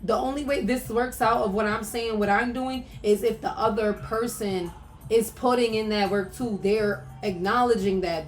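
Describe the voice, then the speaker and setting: A young woman speaks candidly about her own life, loose and emotional, her words full of "like" fillers and swearing. Her voice sits at an ordinary middle pitch. Soft music plays faintly underneath. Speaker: podcast host. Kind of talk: casual personal monologue.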